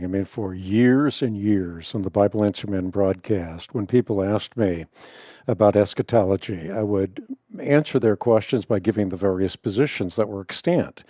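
A man hosting a religious discussion, speaking in a measured way and leaning hard on key words. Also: medium pitch, mellow, dry recording, studio quality. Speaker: radio show host.

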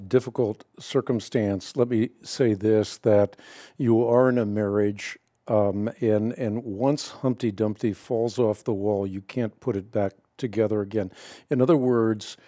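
Male radio host, warm low-key timbre, dry close mic, steady teaching manner. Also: dry recording. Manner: measured, explanatory, cites scripture. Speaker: radio host answering Bible questions. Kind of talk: call-in radio answer.

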